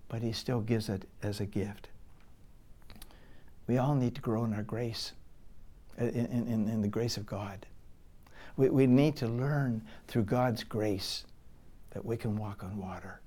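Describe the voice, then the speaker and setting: Male pastor, middle-aged, sermon delivery, dynamic, loud peaks and hushed asides. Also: mid-range voice. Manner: dynamic preaching, swings from loud emphasis to hushed whispers.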